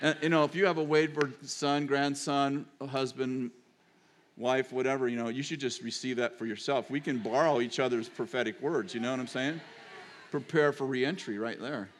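A man's voice: medium pitch, fairly even intonation, a little fast, a little hiss or hum. An older man, a pastor and grandfather, preaching a sermon in a chatty, digressive storytelling manner.

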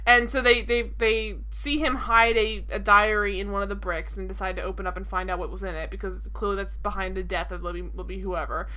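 A woman's voice: medium pitch, fairly even intonation, a little fast, hardly any pauses, bright, forceful tone. A young woman co-hosting a casual show, recapping an episode with sarcastic, profane asides. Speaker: podcast co-host.

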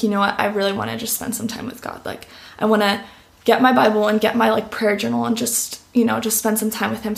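With a fairly high, creaky voice, a young woman offers a heartfelt personal testimony as a guest in an interview. She leans on "like" as a filler throughout.

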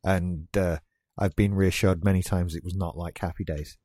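A man's voice: low voice, fairly even intonation, normal speed, warm tone, dry recording, clean studio sound. A British man co-hosting a podcast, chatting casually and with strong opinions about a TV episode. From Britain. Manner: chatty and opinionated, with frequent asides. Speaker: podcast co-host. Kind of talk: casual chat reviewing a TV episode.

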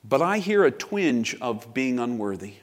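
A man's voice: mid-range voice, very animated, unhurried. A man in his fifties preaching a sermon as pastor, reflective and confessional, with personal asides.

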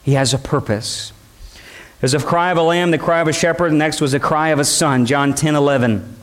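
A man delivers a sermon from the pulpit in a notably high-pitched voice. He builds his points through impassioned, repeated rhetorical questions, each one pressing the listener. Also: fairly even intonation, brisk. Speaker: preacher.

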